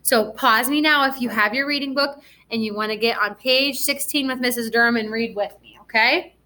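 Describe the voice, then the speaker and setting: A woman teaching a first grade class through a recorded reading lesson, speaking gently and asking the children encouraging questions. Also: fairly high pitch, moderate pace.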